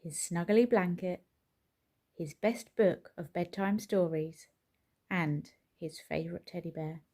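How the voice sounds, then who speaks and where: A woman's fairly low voice carries a children's picture book read-aloud, paced slowly and told with expressive storytelling flair.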